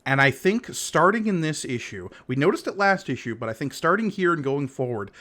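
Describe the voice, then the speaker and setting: A man's voice: a little high, very animated, brisk, bright, forceful tone. Easygoing male podcast host. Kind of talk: casual podcast chat.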